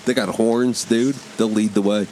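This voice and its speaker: A man co-hosting a podcast, chatting in a relaxed, profane way and laughing easily. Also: fairly low pitch, moderate pace, slight background noise, rough recording. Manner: laid-back, profane and laughing. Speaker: podcast co-host. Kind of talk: crude casual podcast banter.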